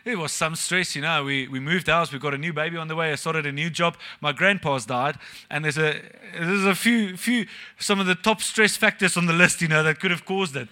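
Young guy preaching in church, kinda high voice, chatty, cracks jokes, asks the crowd stuff. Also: fairly quick, bright, forceful tone. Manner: chatty, joking, asks the congregation questions. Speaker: pastor. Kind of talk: casual preaching sermon. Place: church service.

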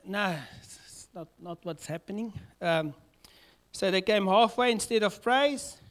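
A man with a South African accent preaching a lively sermon in church, laughing often and acting out the voices of people in the story. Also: sits high, unhurried. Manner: lively, laughing, mixes in Afrikaans words, acts out dialogue. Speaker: pastor.

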